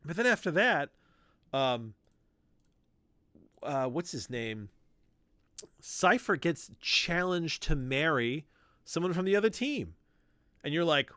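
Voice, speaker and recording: Animated man retelling a story. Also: medium pitch, a little slow, long pauses, no room sound. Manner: animated storytelling, acts out quoted lines, swears freely. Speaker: podcast host. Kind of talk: casual chat about comics.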